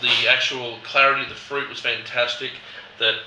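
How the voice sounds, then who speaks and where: A man leading a casual wine tasting chat, animated and acting out quotes in a lively voice. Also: mid-range voice, moderate pace, a little hiss or hum. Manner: animated, acts out quotes with rising voice. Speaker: wine educator host. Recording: roomy, distant mic, faint background.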